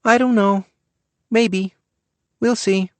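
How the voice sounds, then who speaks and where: A man reading an audiobook and voicing a young girl, a bookworm who rattles off answers flatly. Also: sits high, slow pace, no room sound, pitched above the performer's own voice. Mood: listing, offhand.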